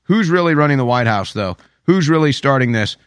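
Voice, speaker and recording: A man's voice: medium pitch, expressive, a little fast, clear, resonant tone, no echo. A man delivering a political commentary monologue in a mid-range voice. He talks emphatically and sarcastically, often repeating phrases for effect. It is recorded close and dry, with no room sound.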